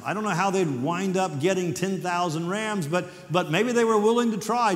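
A middle-aged man giving a chapel sermon, earnest and conversational, reading scripture with dramatic pauses. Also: high-pitched. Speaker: university president speaking at chapel. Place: large hall. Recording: echoey hall, distant at times.

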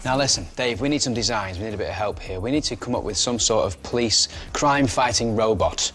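A man presenting a kids' TV show in an excitable, jokey, self-mocking way. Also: on the low side, a little fast, slight background noise.

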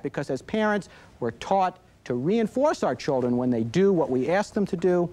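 A man with a fairly high, very lively voice lectures parents about children's behavior. He explains with everyday examples and slips into short quoted lines of parents and children. It sounds like an old 1980s videotape. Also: normal speed. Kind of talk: instructional talk to parents.

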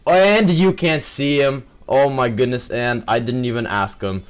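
Excitable young man commenting on gameplay. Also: mid-range voice, a little slow. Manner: excitable, frequent exclamations and fillers.

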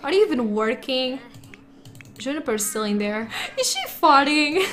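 A woman with a high, light voice talks through a game in casual let's play commentary, chatty and quick to giggle. She sits at a home setup on a desktop microphone, and a faint hum of room ambience hangs behind her. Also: animated, a bit bright. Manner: giggly, chatty, frequently laughing. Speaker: gaming channel host. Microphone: desktop USB microphone.

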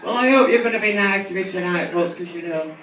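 A man's voice: high-pitched, fast. A man with a Manchester accent performing live drag stand-up, crude and teasing toward the crowd in a big bar. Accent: Mancunian. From Manchester, England. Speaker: drag queen comedian. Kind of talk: live stand-up with audience banter. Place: large bar venue with a live audience. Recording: echoey, distant live room recording with crowd noise.

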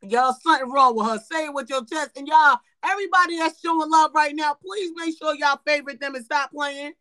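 A brash woman runs a live room on a social app and speaks right to the people listening. She talks loud and blunt and swears freely. Her voice sits mid-high and sounds close and dry. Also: fairly quick, dry recording. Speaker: host of a live app show. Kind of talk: casual live-stream hosting.

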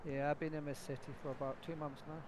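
A man's voice: a little high, level tone, quick pace, a little mellow. A laid-back man with a London accent, from the Midlands, talking in slangy game role-play dialogue and calling people bro. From English Midlands. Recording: clear background noise.

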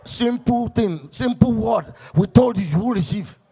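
A male pastor preaching to his church workers with a high, husky voice. His tone is gravelly and rough-edged. He drives his points home emphatically, trading stories for scripture. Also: expressive, measured pace, warm tone.

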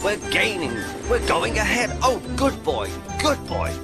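A man doing a high, cheering engine driver. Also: sing-song, unhurried, full character voice. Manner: shouting and cheering. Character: excitable male engine driver. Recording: music playing underneath.

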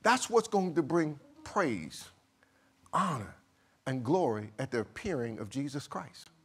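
A male pastor delivering a sermon, reading scripture in a measured cadence and swinging from quiet, low passages to loud, high bursts. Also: very animated, breathy edge.

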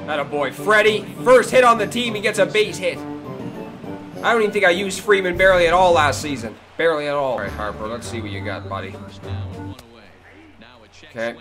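A man hosting his own gaming video, giving live commentary with excitable, swearing outbursts that swing between low mutters and sudden yelps. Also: normal speed, long pauses. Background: game music.

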